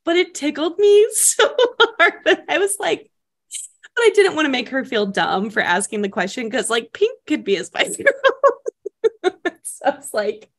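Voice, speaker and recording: A woman's voice: high voice, very animated, measured pace, a bit bright. A young woman co-hosting a casual chat, telling stories and often laughing as she talks. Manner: giggly, laughs through her stories. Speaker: podcast co-host.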